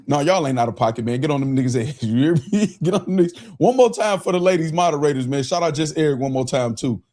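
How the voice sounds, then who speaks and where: Excitable male livestream host. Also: fairly high pitch, fast talker. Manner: excitable, repeats hold on, shouts out chat; profane, laughing. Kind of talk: casual livestream chat.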